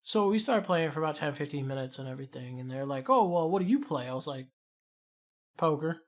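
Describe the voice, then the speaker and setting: A young podcast co-host from Chicago chats casually, his voice a little high and a little fast. He rambles through profane stories, animated the whole way.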